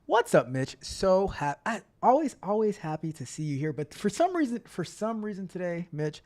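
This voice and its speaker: A man hosting a casual tech livestream, talking to his chat in an upbeat, chatty way. His voice sits a little high. He often repeats phrases and trails off while reading comments. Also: sing-song, moderate pace, few pauses, a little mellow. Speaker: livestream host and tech coach.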